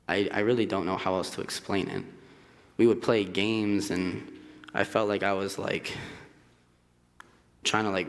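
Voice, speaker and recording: A young man in his twenties giving a hesitant personal testimony at church, often pausing with fillers. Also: sits low. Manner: hesitant, searching for words with many fillers. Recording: reverberant church hall.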